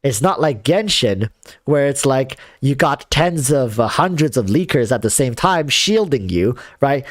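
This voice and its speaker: A man's voice: medium pitch, expressive, unhurried, dry recording, studio quality. A man chatting casually on a livestream, rambling with lots of fillers and restarts, reading viewer comments. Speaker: streamer.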